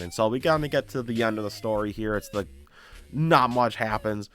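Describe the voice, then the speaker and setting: A YouTuber casually recapping a story, animated and acting out the characters' lines. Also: male voice, on the low side, moderate pace, soft background music.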